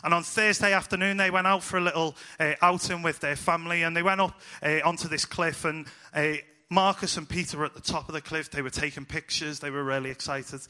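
Bright, chatty youth preacher. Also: male voice, a little high, fairly quick, few pauses, clear, resonant tone. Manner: chatty, animated, acts out voices in quotes. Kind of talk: casual storytelling sermon to children.

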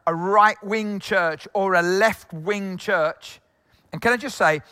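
High bright-voiced male preacher in a hall. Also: takes it slowly, clean tone. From England. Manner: conversational, jokey, many asides. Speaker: pastor. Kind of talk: sermon.

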